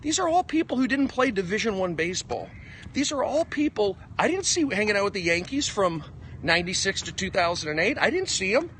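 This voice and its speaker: Male comedian, fairly high voice, excitable rambling phone livestream, faint traffic hiss behind. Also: brisk. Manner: excitable, emphatic, jumping between topics. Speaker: stand-up comedian. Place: outdoors on a walk.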